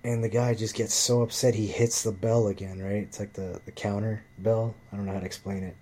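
Low, mellow-voiced man ranting profanely. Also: level tone, brisk. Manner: profane, rambling, lots of fillers. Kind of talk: casual storytelling rant.

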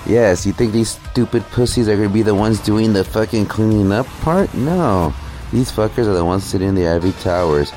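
A man's voice: on the low side, a little fast, mellow, faint music behind. Crude, sneering male commentary host. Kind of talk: profane commentary over clips.

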